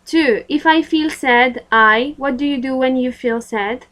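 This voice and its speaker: Slow, patient woman teaching grammar. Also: high voice, a bit bright, rough recording. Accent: Moroccan. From Morocco. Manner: patient, instructive, with frequent fillers. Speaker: English teacher. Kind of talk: recorded grammar lesson.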